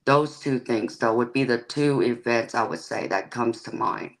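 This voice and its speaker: This tarot reader and psychic has a deep bass voice and talks at a moderate pace in a low-quality recording. Guesting on a live-stream chat, she shares candid stories from her own life, plainly spoken and punctuated by easy laughter.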